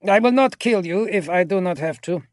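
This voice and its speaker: A man's voice: sits high, expressive, moderate pace, no room sound, voice pushed up. A man voicing a stern armored warrior commander. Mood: commanding. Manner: barking orders.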